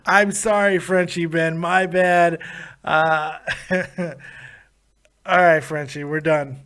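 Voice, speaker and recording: A male host talks loosely to his viewers in a high-pitched voice. He jokes, laughs often and curses freely in casual live-stream chat. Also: steady tone, slow pace, long pauses, a bit bright.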